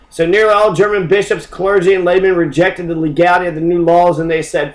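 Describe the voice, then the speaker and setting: A man's voice: high-pitched, fairly even intonation, brisk, hardly any pauses, poor audio. A man ranting in a profane, mocking, combative monologue as a podcast host. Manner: heavy swearing, mocking and combative.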